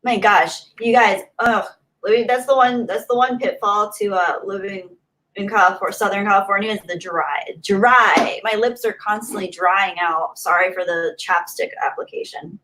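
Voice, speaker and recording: A woman's voice: medium pitch, fairly even intonation, moderate pace, sharp tone. A woman hosting a casual livestream, chatting and laughing as she reads viewer comments aloud. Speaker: livestream host. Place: home in Southern California.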